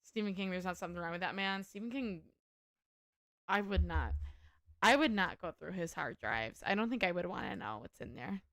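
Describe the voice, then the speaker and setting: A woman hosting a livestream, chatting casually and telling stories in an animated, profane way. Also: lowish voice, moderate pace, dry recording, clean studio sound. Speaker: livestream host. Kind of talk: casual chat while gaming.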